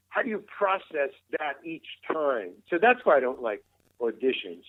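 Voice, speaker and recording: A man's voice: medium pitch, big pitch swings, moderate pace, no room sound. An older man, a veteran actor, telling rambling anecdotes in an interview and acting out the dialogue he quotes. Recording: tinny phone-like line, dry.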